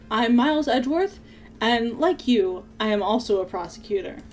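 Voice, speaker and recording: Woman playing a calm, formal male game prosecutor. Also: a little high, moderate pace, natural voice. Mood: composed.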